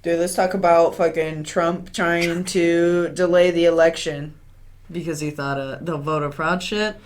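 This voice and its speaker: A woman's voice: lowish voice, steady tone, unhurried, slight background noise. A woman co-hosting a podcast in casual chat, chatty and sarcastic as she recaps the news. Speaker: podcast co-host.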